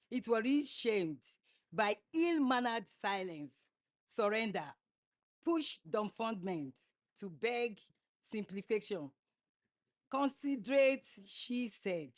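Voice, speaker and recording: A woman reciting a poem on a conference stage, halting now and then to restart a word. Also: on the high side, animated. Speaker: poetry reader.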